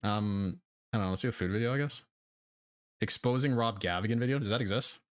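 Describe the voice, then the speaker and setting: A man's voice: on the low side, fast talker. A man streaming live, chatting loosely and rambling over a video he is reacting to. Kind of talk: casual live-stream commentary.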